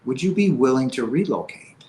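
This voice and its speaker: A man voicing a calm, mysterious homeless man who asks quiet, matter-of-fact questions. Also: medium pitch, normal speed, slight background noise, natural voice. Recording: roomy, faint background ambience.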